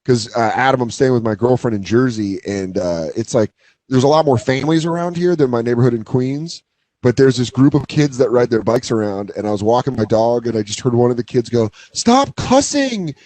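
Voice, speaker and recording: A man's voice: mid-range voice, dark tone, no echo. A man hosting a casual podcast chat, swearing freely and acting out what others say, from Colorado. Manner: profane, jokey, quick to act out quotes. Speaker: podcast host, comedian.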